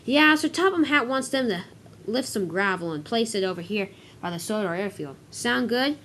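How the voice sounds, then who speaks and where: A woman's voice: medium pitch, lively intonation, normal speed, a bit bright, a little hiss or hum. A woman voicing a blunt, grumpy male steamroller who barks orders in a toy-train story. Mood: gruff. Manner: blunt, bossy.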